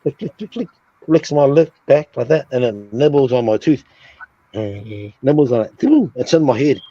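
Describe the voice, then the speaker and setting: A man's voice: medium pitch, normal speed, warm tone, dry recording. A man telling a sleep paralysis story on a casual stream, swearing a lot and acting out sounds and his own reactions. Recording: dull lo-fi stream audio.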